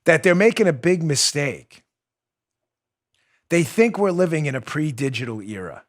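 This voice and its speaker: Male political talk host, slightly high voice, heated and sarcastic, hammers each point by repeating it. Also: expressive, moderate pace. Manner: emphatic, repeats points for stress. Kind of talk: opinionated political monologue.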